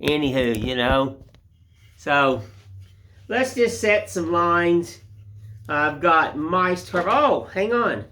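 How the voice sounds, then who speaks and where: A man's voice: on the high side, lively intonation, slow, long pauses, pushed and bright, a little hiss or hum. An older man hosting a woodcarving channel, chatting in a rambling, folksy way while he shows his work. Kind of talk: casual tutorial chat.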